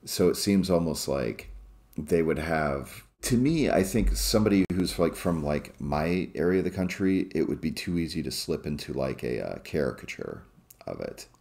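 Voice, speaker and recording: A man with an extremely low, deep voice, co-hosting a podcast. He is from the American Midwest and talks in a measured, thoughtful way, with plenty of fillers and hedges. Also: animated, gravelly, darkish tone. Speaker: podcast co-host. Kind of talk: casual podcast chat.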